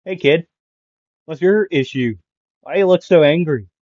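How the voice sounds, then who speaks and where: A man voicing a brash, battered teenage boy hero who talks loud and cocky, in a storytelling fan what-if. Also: a little high, unhurried, dry recording, lo-fi sound, pitched above the performer's own voice, lightly acted.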